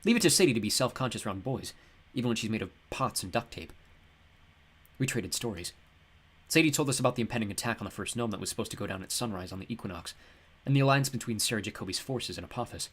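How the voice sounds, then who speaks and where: A man giving wry, expressive first-person audiobook narration. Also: fairly low pitch, quick pace, breathy edge.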